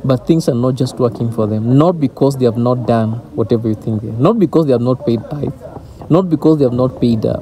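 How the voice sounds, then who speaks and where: A man's voice: mid-range voice, gravelly, mellow, slight background noise. A man giving an informal devotional talk as a Christian teacher, earnest and driving his points home through repetition.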